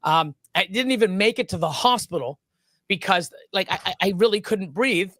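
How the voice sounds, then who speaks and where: A man's voice: sits high, moderate pace, bright, forceful tone. A man co-hosting a live stream, telling a story in casual chat, rambling and swearing freely with lots of stops and restarts. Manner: rambling and profane, with many restarts.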